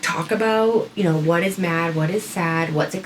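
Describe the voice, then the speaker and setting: A woman's voice: fairly low pitch, moderate pace, rough recording. A woman in her thirties co-hosting a parenting podcast, talking casually and telling stories about her kids. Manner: chatty, storytelling with quoted voices. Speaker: podcast co-host. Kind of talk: casual chat. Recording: faint background noise.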